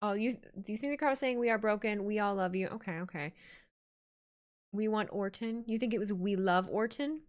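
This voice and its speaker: A woman's voice: medium pitch, a little fast. A woman live-streaming her reaction to a wrestling show, chatting casually, laughing often and reading viewer messages aloud.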